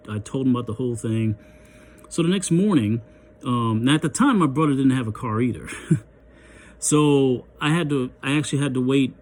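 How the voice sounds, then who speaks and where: A man's voice: medium pitch, a little mellow, slight background noise. Chatty man telling a story. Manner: chatty, many ums and restarts, acts out the dialogue. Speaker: vlogger. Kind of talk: casual storytime.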